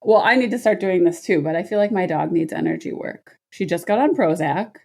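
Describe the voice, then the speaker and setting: A woman's voice: on the low side, lively intonation, brisk, vocal fry, a little mellow. A woman co-hosting a podcast, chatting casually, teasing and asking questions, on a tiny clip mic while traveling. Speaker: podcast co-host. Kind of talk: casual chat. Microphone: tiny mic clipped to a cup.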